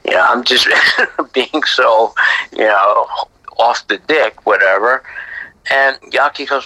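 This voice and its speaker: A middle-aged man, a graffiti artist, telling stories from his past in a chatty way that often sinks into a breathy whisper. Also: mid-range voice, slow pace, pauses often, sharp tone, dry recording, low-quality recording. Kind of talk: casual storytelling interview.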